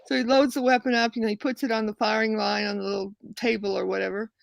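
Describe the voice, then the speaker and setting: Woman, fairly high voice, gravelly fry, dry close sound, casual rambling storytelling, animated, restarts a lot. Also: fast talker, dry recording. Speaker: show host.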